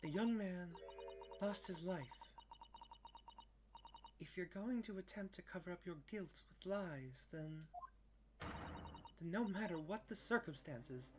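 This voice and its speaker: A man voicing a gentle young woman assistant who speaks softly, gravely and in measured phrases. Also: high-pitched, noisy background.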